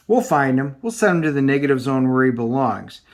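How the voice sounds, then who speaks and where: A man's voice: mid-range voice, animated, fairly quick, close to an everyday voice. A man reading the lines of a proud, fierce female superhero warrior princess from a comic, sounding boastful and commanding. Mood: determined.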